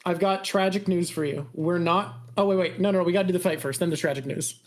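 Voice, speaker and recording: A woman's voice: lowish voice, fast talker. A woman hosting a podcast in casual chat, explaining a story thoughtfully with a playful, teasing edge. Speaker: podcast host.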